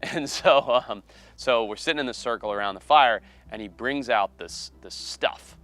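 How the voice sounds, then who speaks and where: A man, a wildlife biologist and TV host, telling a story in a casual, animated way. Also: medium pitch, normal speed, no room sound. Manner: animated, acts out quoted voices.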